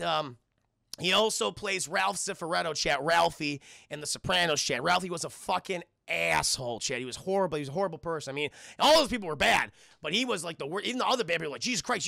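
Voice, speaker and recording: A man's voice: a little high, animated, quick pace, creaky, sharp tone, no room sound, clean studio sound. A man giving a casual, profane film review on stream, constantly addressing his chat.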